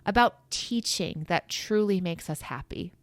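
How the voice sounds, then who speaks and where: A woman's voice: fairly low pitch, a little slow, no room sound. A woman co-hosting a teaching podcast in casual, upbeat chat, laughing easily. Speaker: podcast co-host.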